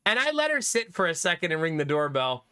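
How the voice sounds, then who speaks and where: Man, high voice, bright tone, casual streamer chat, laughs a lot, dry close mic. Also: fast talker, clear, resonant tone, no room sound. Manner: animated, laughs often, swears casually. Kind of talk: casual chat with live viewers.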